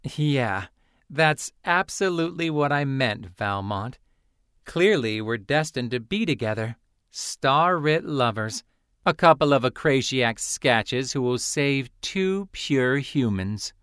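A man's voice: medium pitch, lively intonation, slow, fairly bright tone, clear, resonant tone, dry recording, clean studio sound. A man voicing a condescending, cutting young female student in an audiobook.

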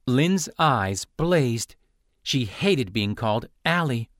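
A man reading a novel aloud as an audiobook narrator, in steady scripted narration. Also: medium pitch, takes it slowly, dry recording, clean studio sound.

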